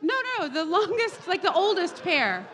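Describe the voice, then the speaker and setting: A woman chatting on a comedy podcast with a bright, high voice. Her pitch bounces around a lot. She teases and giggles as she talks. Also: sing-song, moderate pace. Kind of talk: comedic casual chat.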